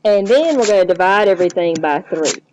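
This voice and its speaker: A woman's voice: medium pitch, animated, a little fast, a little mellow, slight background noise. A woman teacher explaining math step by step, checking in with the listener as she goes. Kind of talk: recorded math lesson. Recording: dull lo-fi recording.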